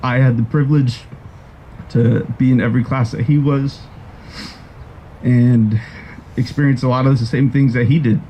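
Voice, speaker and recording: Man, mellow warm voice, measured graveside eulogy, muffled outdoor sound with faint ambience. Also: mid-range voice, fairly even intonation, slight background noise. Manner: measured and reflective, with a few restarts. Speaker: friend giving a eulogy.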